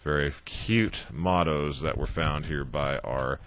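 A man's voice: rumbling low, slow pace, fairly bright tone. A man hosting a radio talk show, reading joke lines and adding dry asides with chuckles.

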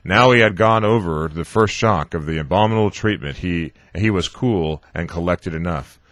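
A man's voice: low voice, a bit bright, no echo. A man reading a novel aloud on a radio show, stumbling often and correcting himself. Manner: halting, with frequent restarts and filler sounds. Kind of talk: audiobook-style reading.

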